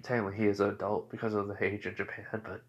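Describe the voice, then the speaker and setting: A man's voice: lowish voice, flat delivery, very fast, dull audio, a little hiss or hum. A man casually narrating a made-up fan story, rambling, with lots of fillers and self-corrections.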